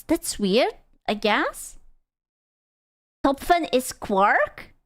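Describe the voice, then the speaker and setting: Young woman streamer, high clear voice, excitable and sweary. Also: measured pace. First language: Hungarian. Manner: excitable, swears, squeals and gasps in reactions. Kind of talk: casual chat reading out chat.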